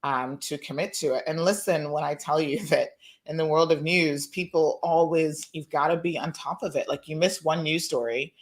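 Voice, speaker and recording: A woman's voice: low-pitched, steady tone, moderate pace. A woman co-hosting a morning news show, chatting casually with frequent fillers and laughs.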